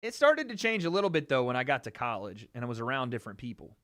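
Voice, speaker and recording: A man's voice: mid-range voice, sing-song, fast talker, fairly bright tone. A man hosting a casual livestream, talking animatedly and boastfully, swearing freely, with a light Southern American accent. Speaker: streamer host.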